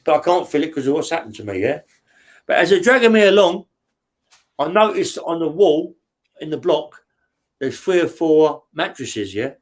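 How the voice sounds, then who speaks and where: Blunt, profane man telling stories. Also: a little high. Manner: blunt and profane, tags lines with "yeah?"; rambling and vivid, full of restarts and sound words. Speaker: interview guest. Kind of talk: casual true-crime storytelling.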